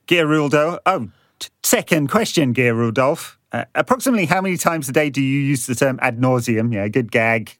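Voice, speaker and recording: A man's voice: mid-range voice, lively intonation, moderate pace, fairly bright tone, no echo. A man co-hosting a podcast, reading listener questions in a dry, sardonic way. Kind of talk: casual podcast chat.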